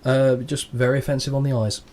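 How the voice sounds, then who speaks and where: A man's voice: medium pitch, little pitch movement, fairly quick, a little mellow. An English man co-hosting a podcast, chatting casually and telling anecdotes with playful quoted voices. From England. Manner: storytelling, puts on voices when quoting others. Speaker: podcast co-host. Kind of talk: casual chat.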